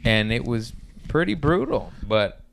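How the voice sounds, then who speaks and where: A man co-hosting a casual comedy chat, telling animated stories and breaking into high voices when he quotes people. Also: unhurried, creaky, slight background noise. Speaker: podcast co-host, comedian.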